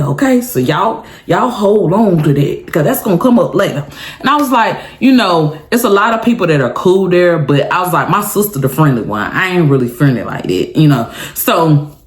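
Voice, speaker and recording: A woman's voice: lowish voice, normal speed, echoey room. A woman vlogger telling a story in a casual chat, talking straight to viewers and laughing often. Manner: animated, dramatic, talks straight to viewers.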